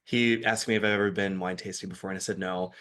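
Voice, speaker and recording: A man from Michigan, a podcast guest, telling a story in casual, animated chat with frequent laughter. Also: low-pitched, fast.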